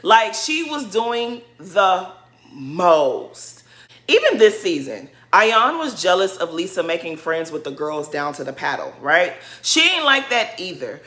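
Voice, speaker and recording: In her casual ranting commentary, a reality TV vlogger speaks emphatically and indignantly, repeating points to hammer them in and mocking quoted people by acting out their lines. She has a fairly low, slightly bright voice with big pitch swings and a measured pace.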